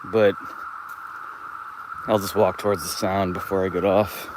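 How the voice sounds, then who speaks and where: A man's voice: low voice, level tone, a little slow, background noise. A man live streaming from his phone while walking outdoors, talking in a laid-back, rambling way and swearing freely. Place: outdoors, walking through a park and woods.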